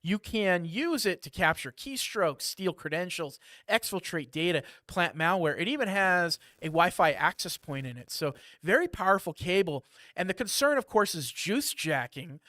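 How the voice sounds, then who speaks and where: A man hosting a live security news briefing, talking in a lively, chatty way with asides and jokes. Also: fairly high pitch, no room sound, studio quality.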